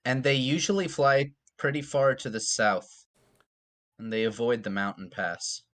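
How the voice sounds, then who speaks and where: A man's voice: mid-range voice, steady tone, measured pace, fairly bright tone. A man runs a tabletop game in an easygoing voice. He makes rules calls and describes the world to the players. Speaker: game master.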